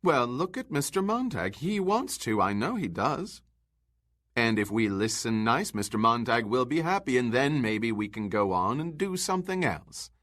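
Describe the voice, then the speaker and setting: A man's voice: medium pitch, very animated, moderate pace, a bit bright, voice pushed up. A man reading aloud and voicing an anxious young wife who coaxes and placates. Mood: coaxing nervous.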